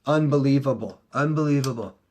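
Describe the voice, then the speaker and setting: Speaking fairly quickly in a casual monologue, a middle-aged relationship coach addresses viewers with heated, profane energy. His voice alternates between booming outbursts and low, quiet lulls.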